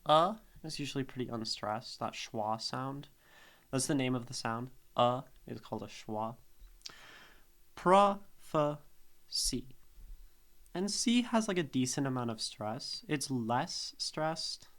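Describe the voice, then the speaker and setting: A male streamer works through a poem at an unhurried, drawn-out pace, thinking aloud as he goes. He repeats words and sounds out their syllables, and his voice sits at an ordinary middle pitch. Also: expressive, fairly bright tone. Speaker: streamer analyzing poetry. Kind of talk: casual live-stream teaching.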